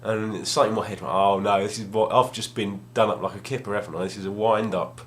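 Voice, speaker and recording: A young man, a gaming vlogger, rambles through a self-deprecating story at a table at home, casually and with many restarts. He speaks fast in a lowish, fairly bright voice with fairly even intonation.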